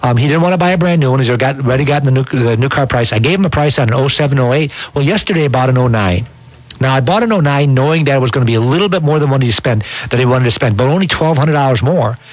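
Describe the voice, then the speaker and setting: A man pitches used cars in a folksy, persuasive run. He talks fast at a middle pitch. The sound is dry and close, with no room echo. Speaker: used car dealer. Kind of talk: sales pitch on a local TV show.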